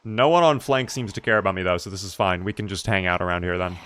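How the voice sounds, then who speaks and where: A man's voice: low-pitched, fast, a bit bright, a little hiss or hum. A man streaming a game live, chatting casually and answering his chat as he plays.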